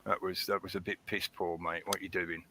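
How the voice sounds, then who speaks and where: A man's voice: deep voice, level tone, fairly quick, bright, forceful tone, a little hiss or hum. A man hosting a casual livestream, chatting in a rambling way and greeting viewers in the chat by name. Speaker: livestream host. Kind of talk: casual live-stream chat.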